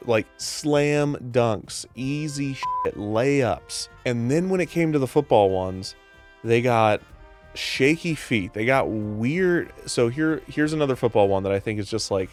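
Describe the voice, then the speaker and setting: A man from Kansas with a fairly low voice, delivering a rambling comedic rant. He talks animatedly, stumbles, and restarts his thoughts. Faint music sits under him. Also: normal speed. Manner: rambling, animated, self-correcting. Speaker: host.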